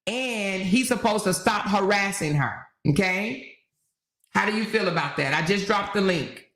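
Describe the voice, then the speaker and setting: A woman's voice: medium pitch, expressive, measured pace, fairly bright tone. A woman hosting a casual livestream chat, reading viewer comments aloud and laughing often. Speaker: livestream host. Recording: roomy echo.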